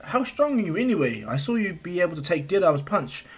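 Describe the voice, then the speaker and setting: A kindly, proud hero mentor speaking heartily to a young student, as a male narrator puts him on. The voice is slightly husky and lively in pitch. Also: fairly quick, soft background music, heavily acted. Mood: hearty.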